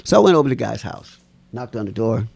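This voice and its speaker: A man telling stories as an interview guest, animated and laughing, acting out the voices of people in his stories. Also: medium pitch, fast talker, gravelly, slightly rough, no echo. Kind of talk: storytelling in a casual interview.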